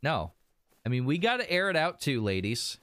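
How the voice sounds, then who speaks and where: A man's voice: medium pitch, sing-song, normal speed, fairly bright tone, no echo. A man streaming a game live, chatting casually, laughing and swearing as he plays. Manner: laughs a lot, swears, banters with chat.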